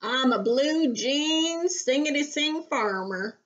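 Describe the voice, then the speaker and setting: A woman's voice: high-pitched, animated, slow, dull audio. Storybook farmer, folksy and cheerful, sung by a woman teacher. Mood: hearty. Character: cheerful singing farmer in blue jeans.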